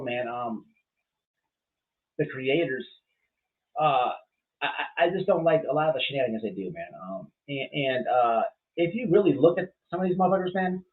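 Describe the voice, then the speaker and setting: A man hosting a casual livestream, rambling bluntly and with profanity as he reacts to chat, full of fillers and restarts. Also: on the high side. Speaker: livestream host. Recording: tinny phone-like sound.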